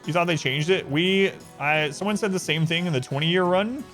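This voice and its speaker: A man's voice: on the high side, moderate pace, fairly bright tone, soft background music. A man streaming live, chatting casually and rambling with sarcastic asides, with a faint regional American accent.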